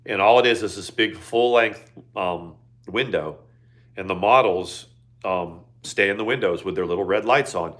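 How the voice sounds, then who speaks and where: A man's voice: sits low, moderate pace, a bit bright. A man in his fifties chatting casually on a livestream, rambling with many fillers and restarts. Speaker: livestream co-host. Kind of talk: casual chat.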